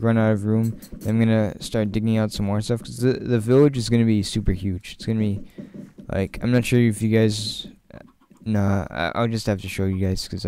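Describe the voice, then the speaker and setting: A man's voice: fairly low pitch, warm tone, a little hiss or hum. A man giving casual, chatty commentary while playing, joking and laughing often and rambling straight to his viewers. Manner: rambling, talks to viewers directly. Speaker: gaming channel host.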